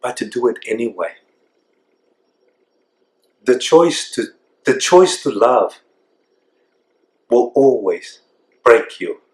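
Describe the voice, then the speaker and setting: Man, earnest motivational talk, reflective, mid-pitched voice, roomy echo. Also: very animated, a little mellow. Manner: earnest, reflective, slows down for emphasis. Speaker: self-discovery program host. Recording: echoey room.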